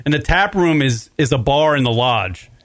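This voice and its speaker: A podcast host with a mid-range, fairly bright voice tells a long, rambling story in casual chat, speaking at normal speed with lively intonation. He swears freely and laughs mid-story, and there's no room sound.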